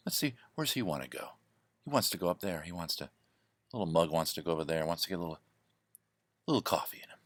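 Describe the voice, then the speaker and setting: A man impersonating a soft-spoken, gentle male TV painter, talking slow and hushed into a laptop mic at home. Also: extremely low pitch, dry recording, exaggerated voice. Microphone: laptop microphone, leaning in close.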